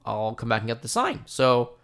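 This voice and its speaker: Animated profane man telling a story. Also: mid-range voice, moderate pace, smooth. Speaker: podcast host. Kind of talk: casual storytelling.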